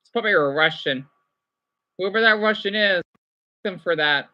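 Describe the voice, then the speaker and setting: Young guy, bright tone, rambly livestream chat, reads comments aloud. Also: sits high, moderate pace, lo-fi sound. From United States.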